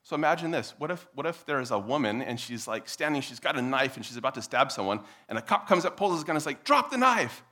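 Bright-voiced man giving a persuasive talk. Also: fast, few pauses. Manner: animated, mocks opponents in exaggerated high voices. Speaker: speaker addressing an audience. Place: room with a live audience.

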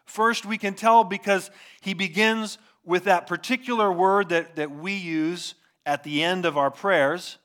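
Male pastor with a somewhat high voice, delivers an earnest, emphatic sermon and poses rhetorical questions. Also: steady tone, unhurried, fairly bright tone.

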